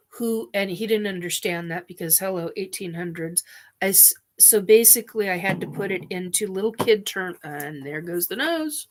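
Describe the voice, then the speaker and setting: A woman vlogger telling a personal story in her living room, halting and tearful, breaking off as she cries. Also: mid-range voice. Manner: tearful, halting, with restarts and sniffs. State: crying.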